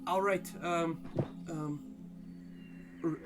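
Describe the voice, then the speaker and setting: A man's voice: on the high side, fairly even intonation, extremely slow, over loud music, voice pushed up. A man voicing a nervous, fawning guide who stammers and tries to placate people.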